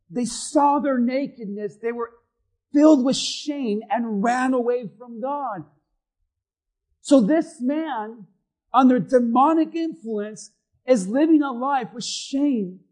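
A man preaching as pastor in a church, swinging between shouted peaks and hushed low passages, acting out the voices of the people he talks about. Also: low-quality recording. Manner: acts out voices of doubters and accusers. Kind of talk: sermon.

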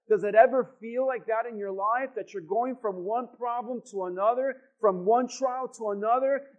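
A man's voice: very high-pitched, darkish tone. A male pastor preaching a sermon in a church, driving points home with repetition and rhetorical questions to the congregation, on a dull, lo-fi recording. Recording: dull lo-fi sound.

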